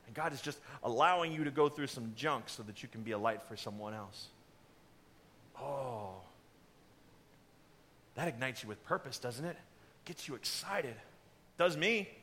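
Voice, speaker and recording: A man pastor delivering a sermon in an animated storytelling way, acting out the characters. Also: on the high side, fairly quick.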